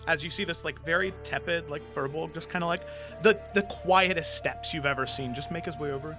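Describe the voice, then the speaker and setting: A man's voice: a little high, a little fast, pushed and bright, soft background music. A man narrating casually as game master of a tabletop game, laughing often. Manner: casual, laughing, filler-heavy.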